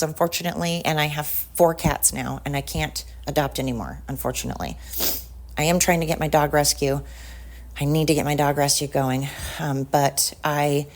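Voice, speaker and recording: Low-voiced woman ranting bluntly. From United States. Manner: heated and blunt, swearing often. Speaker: podcast host. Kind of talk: casual ranting monologue.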